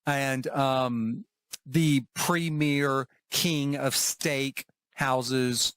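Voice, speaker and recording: A man's voice: medium pitch, fairly even intonation, very slow, fairly bright tone, clear, resonant tone, no room sound. A man from Oklahoma, casually reviewing theme park food and shops on a travel vlog, chatty and rambling with asides. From Oklahoma, USA. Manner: chatty and rambling, with frequent asides, restarts and laughs. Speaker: travel vlogger.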